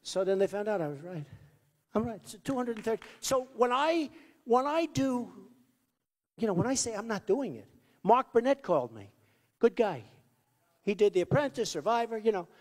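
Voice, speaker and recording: A man's voice: sits high, big pitch swings, normal speed, long pauses. A man giving a rambling, boastful campaign rally speech that repeats itself, at a podium microphone in a large venue. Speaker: political candidate. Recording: long reverb of a large hall.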